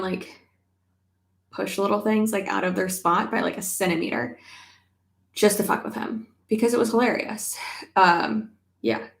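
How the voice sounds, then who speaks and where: A young woman talks loosely and chattily to her viewers, peppering her speech with "like" and casual swearing. Her pitch sits in an ordinary middle range. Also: reverberant. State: pregnant. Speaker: YouTuber. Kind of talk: casual livestream chat.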